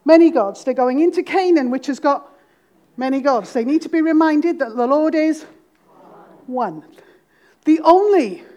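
A middle-aged Welsh woman with a Welsh accent, preaching a sermon to a congregation with humor and dramatic pauses. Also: sits high, animated, dark tone. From Wales.

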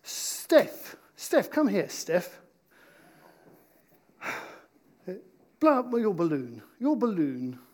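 A man preaching an interactive sermon in church, playful with his volunteers and slowing down to stress key points. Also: high-pitched, huge pitch swings. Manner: playful, slows down for emphasis.

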